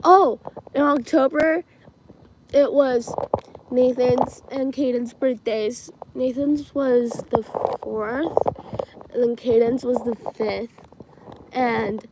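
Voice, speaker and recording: A teenage girl chats through a livestream in a slightly high, unhurried voice, giggling and saying "like" and "um" a lot. There is clear noise in the background of the home stream. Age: teens. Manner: chatty, giggly, many fillers like "like" and "um". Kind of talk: casual livestream storytelling.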